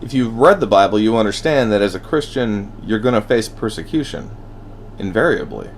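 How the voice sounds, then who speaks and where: A man holds forth in a solo monologue, blunt and full of curses, with wry laughs between his thoughts. His pitch swings widely as he moves from heated outbursts to low, brooding asides. A faint ambient hum sits under his voice. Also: lively intonation, fairly quick. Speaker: podcast host.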